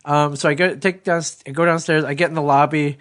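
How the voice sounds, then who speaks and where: A man's voice: on the high side, fairly even intonation, a little fast, a bit bright. A man in his thirties co-hosting a podcast, telling a rambling story in casual chat and swearing freely. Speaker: podcast co-host.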